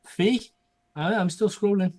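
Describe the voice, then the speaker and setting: A man's voice: high voice, breathy edge. A man co-hosting a casual livestream, reading out viewers' names with small asides. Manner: steady list-reading with asides. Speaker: co-host reading out chat.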